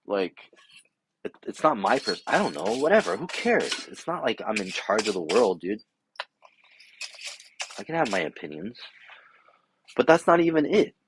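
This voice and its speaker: A man's voice: medium pitch, very animated, normal speed, pauses often, background noise. A middle-aged man telling a story in a casual, rambling way, exasperated, acting out both sides of an argument. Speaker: vlogger. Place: home garage workshop.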